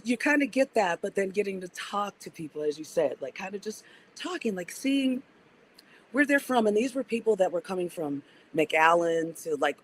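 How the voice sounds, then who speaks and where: Poor audio with a bit of hiss or hum carries a woman's lowish voice. She's an organizer and activist appearing as a podcast guest, speaking thoughtfully in casual interview conversation and beginning her sentences again as she thinks.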